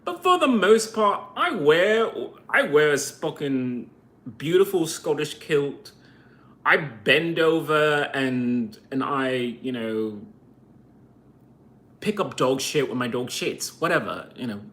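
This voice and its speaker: A man talks straight to camera in a heated, swearing rant, firing off sarcastic rhetorical questions. His voice is fairly high for a man and swings widely in pitch as he presses each point. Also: lively intonation, slow, fairly bright tone. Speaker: vlogger. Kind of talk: ranting monologue to camera.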